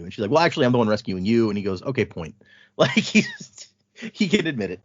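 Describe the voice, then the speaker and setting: A man chats casually on a podcast, retelling a story in loose paraphrase with easy laughs and a swear here and there. His voice sits at an ordinary pitch, close to the mic. The sound is dry and a bit dull and lo-fi. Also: big pitch swings, fast talker, no room sound. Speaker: podcast co-host recapping book chapters. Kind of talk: casual chat. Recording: dull, slightly lo-fi podcast audio.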